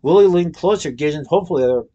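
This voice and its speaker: A man narrating a children's story in an expressive storytelling manner. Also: fairly high pitch, very fast, lo-fi sound. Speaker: audiobook narrator. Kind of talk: scripted narration.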